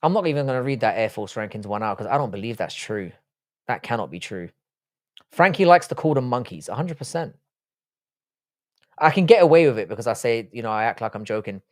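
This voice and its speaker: A man's voice: mid-range voice, animated, brisk, no room sound, studio quality. A man in his forties who grew up in England, hosting a live stream and reading viewer comments in crude, profane banter.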